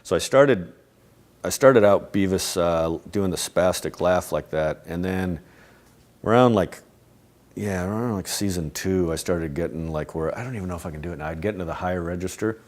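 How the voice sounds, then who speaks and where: A middle-aged man in an interview, talking casually and rambling, often restarting his sentences and laughing softly. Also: low voice, normal speed. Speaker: interviewee, animation creator. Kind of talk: casual reflective interview talk.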